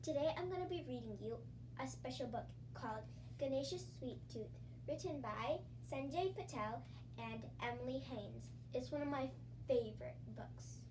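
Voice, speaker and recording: A woman reading a children's storybook aloud in a soft, gentle, sing-song way. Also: sits high, animated, normal speed, noisy background. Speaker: story reader.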